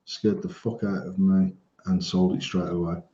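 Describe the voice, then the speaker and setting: A man co-hosting a casual podcast chat, animated and swearing, laughing often. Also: low voice, normal speed. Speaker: podcast co-host. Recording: roomy, dull lo-fi sound.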